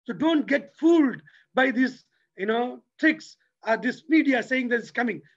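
A man giving a motivational religious talk, lively and preacherly, who keeps asking his audience rhetorical questions. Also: very high-pitched, unhurried, lo-fi sound. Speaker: lecturer.

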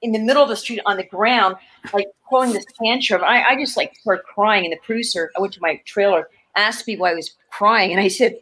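A woman's voice: medium pitch, a little fast. Woman, 50s, from Canada, guest actor, chatty storytelling, laughing, restarts, video call. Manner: animated, laughing, many restarts. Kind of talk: casual interview storytelling.

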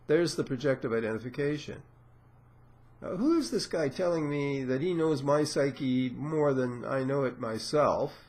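A man giving an informal lecture, explaining step by step with frequent pauses and filler sounds. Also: mid-range voice, darkish tone. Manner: explanatory, unhurried, many "uh" and "um" pauses; acts out patient dialogue in a raised voice. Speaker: lecturer on psychoanalysis.

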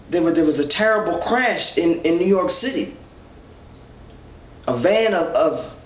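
A man leads an informal Bible study, reading verses and working through them earnestly with frequent restarts. His voice sits a little high for a man. He is recorded from some distance in an echoey room with a faint hum of ambience. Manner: earnest, thinks aloud with restarts, reads scripture.

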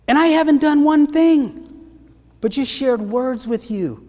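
A man with a strikingly high voice delivers a motivational seminar, his pitch leaping up and down as he speaks. He talks with energy and throws questions out to the room. A long reverb trails every word. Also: moderate pace. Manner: energetic, asks the audience questions.

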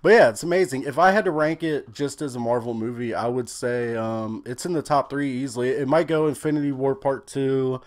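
A man's voice: mid-range voice, fairly quick, few pauses. A young man giving a casual, opinionated movie review, rambling with frequent fillers.

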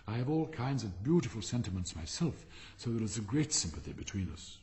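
A man's voice: lowish voice, big pitch swings, a little fast, a little mellow. A man voicing a vain, self-important water rat with a pompous, know-it-all manner.

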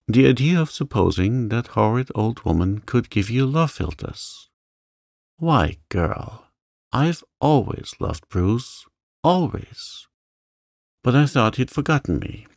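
A man voicing a spirited, quick-tempered young woman who speaks sharply and dismissively. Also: lowish voice, gravelly, darkish tone, no room sound, clean studio sound, exaggerated voice.

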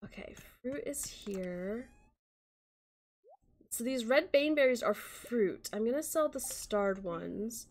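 A woman hosting a casual gaming stream, chatty, with quick bursts of excitement. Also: on the high side, a little hiss or hum. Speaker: streamer and channel host.

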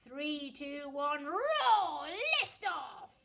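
A woman doing a booming panda shuttle commander. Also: expressive, full character voice. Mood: commanding. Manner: loud, drawn-out commands. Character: bold female panda space shuttle commander.

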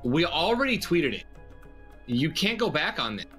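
A male gaming streamer trading loud, teasing banter with his friends. His voice is high and swings widely in pitch. Music plays clearly in the background. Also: big pitch swings, moderate pace. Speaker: guest streamer.

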